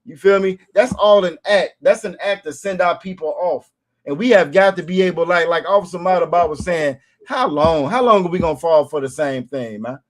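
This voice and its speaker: A man hosting a casual commentary podcast, talking emphatically, repeating phrases and asking "you feel me?". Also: high voice. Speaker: show host.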